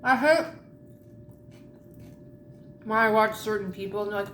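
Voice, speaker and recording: A woman's voice: mid-range voice, unhurried, fairly bright tone, reverberant, slight background noise. A woman vlogger chatting casually while eating, rambling and candid with a lot of swearing.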